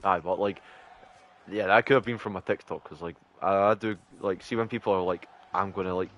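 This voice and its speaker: A male streamer with a fairly low voice chats loosely over his game. He rambles, swears freely and fills every pause with "like". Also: a bit bright, highs cut off. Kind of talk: casual chat while gaming.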